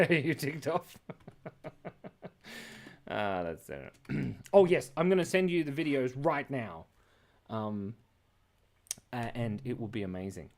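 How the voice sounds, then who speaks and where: Man, live-stream host, casual chat while drawing, rambling, playful, mid-pitched voice. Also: sing-song, measured pace. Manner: rambling and playful, with frequent laughs.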